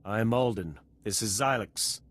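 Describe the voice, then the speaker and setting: A calm, principled Jedi knight, with a voice that sits fairly low. He speaks in a measured, earnest way. He sounds like a character from a story-driven video game.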